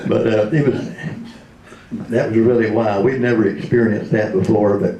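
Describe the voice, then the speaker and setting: A man's voice: fairly low pitch, fairly even intonation, moderate pace, mellow, dull audio. A man in his seventies, a retired radio DJ, telling comic stories in a speech, laughing often and slipping into voices. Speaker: retired radio DJ, convention speaker. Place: convention hall. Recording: roomy hall.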